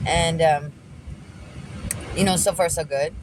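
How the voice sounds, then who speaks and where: A woman telling a story in a loud, animated, profane way, recorded in a car. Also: low voice, brisk, background noise. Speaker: delivery driver and vlogger. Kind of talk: casual storytelling.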